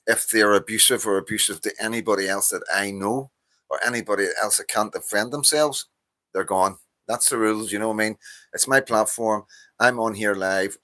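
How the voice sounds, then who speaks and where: A man's voice: fairly low pitch, bright, forceful tone. A tired middle-aged man with a Northern Irish accent, hosting a casual live stream and rambling with many fillers as he greets viewers. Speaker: livestream host.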